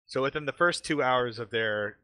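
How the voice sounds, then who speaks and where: A man with a bright, forceful voice runs the tabletop game and narrates what happens. He talks in a chatty, casual way, and the recording is dry and close. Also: mid-range voice, normal speed, clean tone, no room sound. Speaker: game master.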